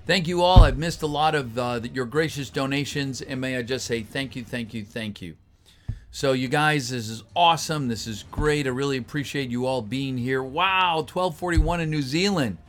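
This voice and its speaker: Guy hanging out w his live chat, reading messages out, voice kinda tired, soft music in the back. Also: medium pitch. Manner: chatty, greets viewers, reads chat messages aloud. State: voice getting tired. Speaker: voice actor reading a script on a livestream. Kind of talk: casual livestream chat with viewers.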